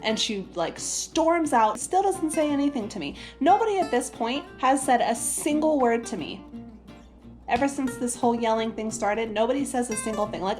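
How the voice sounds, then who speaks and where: A young woman telling a story on her vlog in a casual, animated way, with frequent laughs and many fillers. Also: on the high side, moderate pace, soft background music. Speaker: vlogger.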